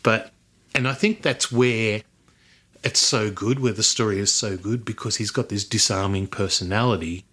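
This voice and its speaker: A man's voice: lowish voice, normal speed, a bit bright, husky. A man hosting a film podcast, chatting casually, rambling and laughing easily. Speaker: podcast host.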